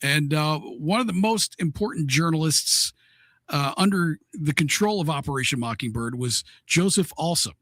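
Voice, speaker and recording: A man explaining history in a relaxed podcast chat. His voice sits a little high and he restarts now and then. The recording is close and dry. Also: moderate pace, dry recording. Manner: steady explainer, hesitant restarts. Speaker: podcast co-host.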